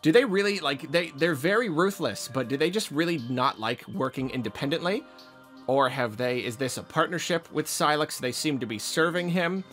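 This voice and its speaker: A man's voice: on the high side, lively intonation, moderate pace, fairly bright tone, faint music behind. A man hosting a video game channel, giving enthusiastic, rambling reaction commentary on a trailer. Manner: enthusiastic, rambling with fillers and restarts.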